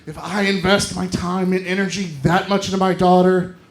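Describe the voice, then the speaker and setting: Male stand-up comic with a very high voice, on a handheld mic in a roomy club. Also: normal speed. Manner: loud and animated, acts out quoted people. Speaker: stand-up comedian. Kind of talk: stand-up comedy set. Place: comedy club stage.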